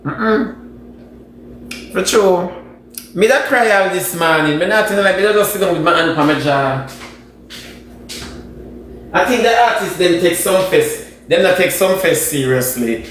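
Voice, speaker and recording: Jamaican guy spilling gossip, high voice, dramatic n sassy, super echoey room w faint hiss. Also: lively intonation, a little slow, pauses often, fairly bright tone. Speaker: social media commentator. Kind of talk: gossipy reaction commentary.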